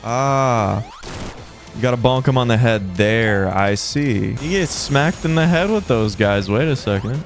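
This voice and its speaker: A young man giving gameplay commentary with live reactions, excitable, swearing and yelling at the game. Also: mid-range voice, measured pace. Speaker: gaming video creator. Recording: game music playing behind the voice.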